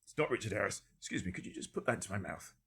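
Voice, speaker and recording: A man hosting a live-stream guessing game, reading out viewers' guesses one by one with dry, deadpan jokes. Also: on the low side, rapid-fire, gravelly, husky. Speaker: livestream quiz host.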